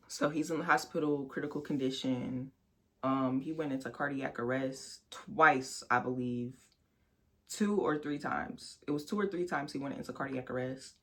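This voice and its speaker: A young woman telling a personal story on her vlog, talking frankly and with lots of swearing, speaking straight to her viewers and sometimes bursting into loud, high outrage. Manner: candid, profane storytelling that addresses viewers directly. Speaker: vlogger.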